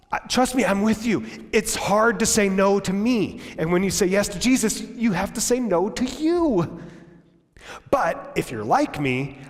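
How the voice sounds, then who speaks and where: Guy pastor preaching in a big echoey church, kinda high voice, gets loud then goes real quiet. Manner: animated, acts out dialogue in raised voices; drops to low, quiet tones for emphasis. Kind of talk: sermon. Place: church sanctuary. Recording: long church reverb.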